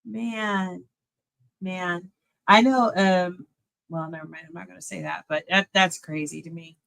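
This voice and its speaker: A woman streamer giving casual reaction commentary on a clip, animated, laughing and talking back to it. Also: lowish voice, unhurried, creaky.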